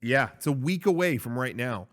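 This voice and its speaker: A man's voice: mid-range voice, expressive, moderate pace. A man co-hosting a casual chat show, rambling with lots of fillers and restarts. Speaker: podcast co-host.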